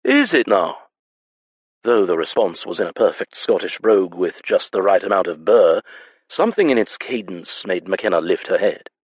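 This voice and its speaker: A man reading a historical romance audiobook in a measured, even manner. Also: low voice, slightly rough, dry recording, highs cut off. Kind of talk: scripted audiobook narration.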